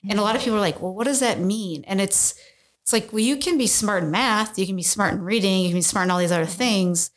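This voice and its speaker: Woman in her thirties, guest on a podcast, earnest, explanatory, mid-pitched voice. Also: quick pace. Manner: earnest and explanatory, often tags "right?". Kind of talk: casual interview.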